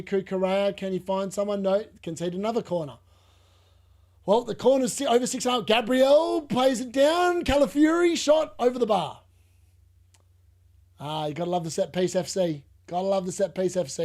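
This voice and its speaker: A high-voiced Australian man hosting a live football watchalong. He chats, laughs a lot and jumps to an excited shout whenever a chance comes. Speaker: fantasy football watchalong host. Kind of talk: live watchalong commentary and chat replies.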